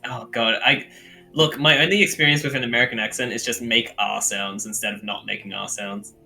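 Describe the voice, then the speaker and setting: Bright-voiced Australian man joking around. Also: lowish voice, fairly even intonation, fairly quick, vocal fry, soft background music. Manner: joking, laid-back banter. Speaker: player. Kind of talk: casual chat.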